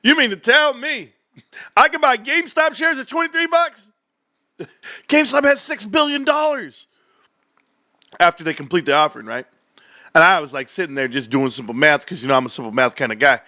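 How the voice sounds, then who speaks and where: Hyped guy ranting stocks on his stream, bright voice, jumps high then drops low, swears and laughs a lot, dry close mic. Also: fairly quick, long pauses, no room sound. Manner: swings between loud excited outbursts and low muttered math. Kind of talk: excited livestream rant.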